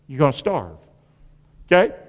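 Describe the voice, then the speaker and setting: A slightly high-voiced pastor preaches at a measured pace, very animated, his words carrying the long hall reverb of a church. He questions the congregation in call-and-response fashion and repeats phrases folksily, with sharp swings in emphasis.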